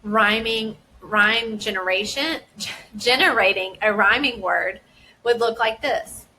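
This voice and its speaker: A woman who works as a school dyslexia specialist, giving a careful explanation and deliberately sounding out words and their parts. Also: mid-range voice, pushed and bright, a little hiss or hum, low-quality recording. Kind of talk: instructional explanation.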